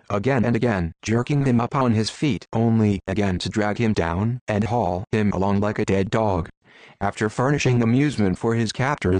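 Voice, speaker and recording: A man narrating an audiobook in a measured, solemn reading. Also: lowish voice, darkish tone, dry recording. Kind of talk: scripted narration.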